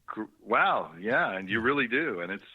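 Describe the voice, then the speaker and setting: Middle-aged male guest on a phone line. Lowish, chatty, halting, with muffled sound. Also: big pitch swings, breathy edge. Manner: chatty, halting, with many fillers. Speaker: actor guest. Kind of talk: phone interview on a radio show.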